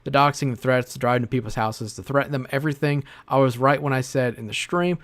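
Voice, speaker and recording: A man's voice: mid-range voice, brisk, fairly bright tone. A man on a livestream reading messages aloud in a casual, profane rant with sarcastic asides.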